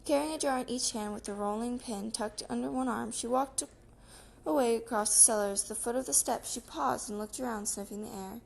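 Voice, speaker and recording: A woman narrating a children's storybook in a lively, expressive reading. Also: a little high, fairly quick, vocal fry. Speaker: audiobook reader.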